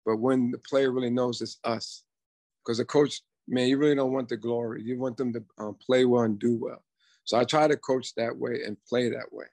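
A man in his fifties with a gravelly, rough-edged voice tells his stories in a relaxed podcast conversation, slipping into the voices of the people he quotes. The sound is dry and close, with no room around it. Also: mid-range voice, moderate pace, no room sound. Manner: storytelling, quotes himself and others in dialogue. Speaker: guest, former ballplayer and coach. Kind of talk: casual podcast chat.

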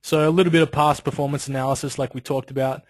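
A man talking through a business webinar in an easygoing, chatty style, often slipping in little filler asides. His voice sits at an ordinary middle pitch. The sound is dry and close, with no room around it. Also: steady tone, fast talker, no echo, poor audio. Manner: conversational, loose, peppered with "you know" and "like". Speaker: webinar presenter. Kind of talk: casual instructional webinar talk.

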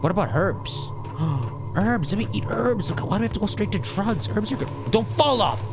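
Excitable man yelling through a horror game. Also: sits high, moderate pace, noisy background. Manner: excitable, jokey, yells at the game. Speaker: gaming streamer. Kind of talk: casual let's-play commentary.

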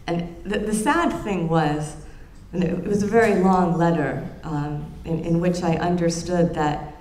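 A woman giving an academic lecture in an earnest, reflective way, often pausing and restarting her phrases. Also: low-pitched, steady tone, darkish tone. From United States. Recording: roomy lecture room with faint ambience.

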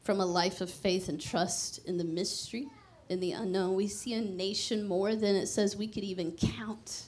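Animated woman preaching, laughing often. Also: mid-range voice, moderate pace, few pauses. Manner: conversational preaching, laughs often, playful emphasis. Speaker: pastor. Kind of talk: sermon.

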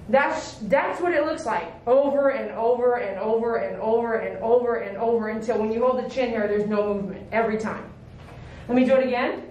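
A dog groomer, a woman with a voice on the high side, talks a little quickly while showing how to handle a puppy in a hands-on demonstration. Her tone coaxes but stays firm, full of brief repeated commands and praise. The lo-fi recording comes from an echoey room with faint noise behind it.

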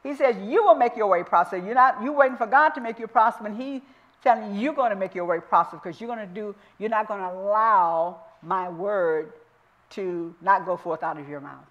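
A woman minister teaches scripture in church, with a light lilt. She drawls each verse slowly and presses every point home through repetition. Her voice sits in an ordinary middle register for a woman. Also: medium pitch, dull audio. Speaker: minister teaching Bible study. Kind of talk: sermon-style Bible teaching.

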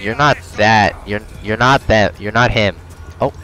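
A man's voice: lowish voice, measured pace, sharp tone, low-quality recording. A man commentating his horror game playthrough, swearing and joking at the screen, yelping when something jumps out. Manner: profane, jokey, reactive, yelps when startled. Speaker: gamer.

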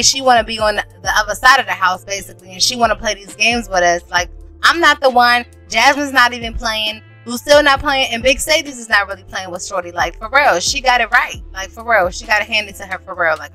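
A woman narrating a life-sim game, sassy and dramatic, with lots of slang. Her voice sounds bright and forceful. She talks to her viewers as if they were friends. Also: medium pitch. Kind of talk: casual gameplay commentary.

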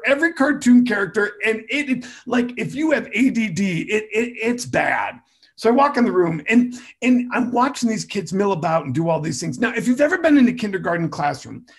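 A man's voice: high-pitched, breathy edge. A middle-aged man who speaks about music education, telling a story in a jokey way and acting out the quotes. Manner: animated, jokey, acts out quotes. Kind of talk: storytelling talk.

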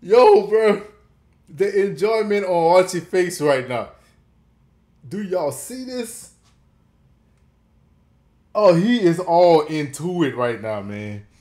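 A man's voice: sits high, animated, slow pace, long pauses, warm tone. A man hosting a reaction video, talking in laid-back slang and laughing often. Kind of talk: casual reaction commentary.

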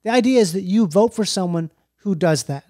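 High-voiced, profane comedian guest. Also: male voice, fairly quick, dry recording, studio quality. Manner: animated, profane, rambling. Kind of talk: casual podcast chat.

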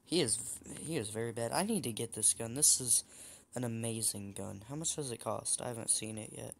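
A man's voice: medium pitch, a little fast, vocal fry, slight background noise. A young man giving casual, chatty commentary while playing a shooter game, teasing the other players. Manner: chatty, teasing opponents, frequent restarts. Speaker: gameplay streamer.

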